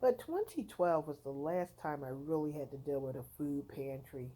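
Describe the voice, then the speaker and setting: A woman's voice: low voice, animated, normal speed, dark tone, poor audio. A tired woman from the United States, telling her own story in a rambling, frank, conversational vlog at home. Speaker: content creator.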